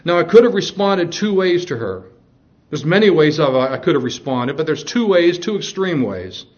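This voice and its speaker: A man's voice: on the high side, sing-song, moderate pace. A man preaching a sermon in a slightly raised voice, reading verses and stopping for jokes and stern warnings. The recording is dull and lo-fi. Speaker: pastor.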